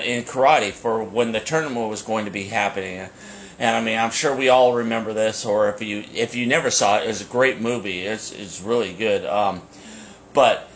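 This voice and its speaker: A man's voice: medium pitch, fairly bright tone, a little hiss or hum. A man co-hosting a podcast in casual chat, rambling with many fillers and restarts. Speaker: podcast co-host.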